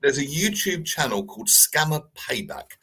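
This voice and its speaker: A man hosting a live radio talk show, telling stories in a chatty, animated way. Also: on the high side, moderate pace, husky. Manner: chatty storytelling, lively. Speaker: radio host. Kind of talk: casual radio chat.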